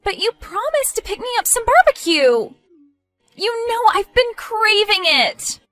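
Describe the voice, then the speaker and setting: A woman's voice: extremely high pitch, wildly swooping pitch, normal speed, a bit bright, soft background music, full character voice. A woman playing a demanding, sulky pregnant young girlfriend who whines and sneers. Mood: whiny. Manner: whiny, sarcastic.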